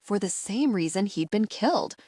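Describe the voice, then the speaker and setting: Expressive woman narrating an audiobook. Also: medium pitch, normal speed, no room sound, studio quality. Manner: expressive, wry, conversational. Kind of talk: first-person scripted narration.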